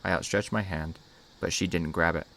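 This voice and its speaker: A man hosting a channel and reading a horror story aloud in a measured, dramatic way. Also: deep voice, fairly even intonation, vocal fry, fairly bright tone. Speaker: host, story reader. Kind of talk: scripted horror story narration.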